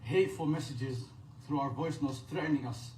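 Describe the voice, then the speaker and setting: A man speaking as a daycare spokesperson, giving an earnest prepared statement in measured, halting phrases. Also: mid-range voice, mellow. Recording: roomy echo, distant mic, faint background hum.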